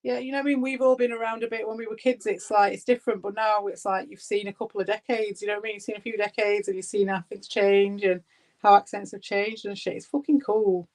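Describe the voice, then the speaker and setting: A man's voice: sits high, level tone, quick pace, poor audio. A man chatting casually, enthusiastic and rambling, with hedges and restarts. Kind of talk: casual chat.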